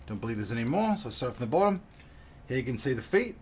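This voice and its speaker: A man doing a gruff pirate voice in a playful way while unboxing a product, with sound effects between his words. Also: medium pitch, sing-song, fast, noisy background, close to an everyday voice.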